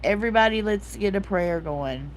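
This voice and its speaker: With an animated, medium-pitched voice at a moderate pace, a woman in her forties chats emotionally on her livestream while a slight hiss or hum sits in the background. She's soft-hearted, reads viewers' chat comments aloud, circles back over things, and fills gaps with "like" and "um."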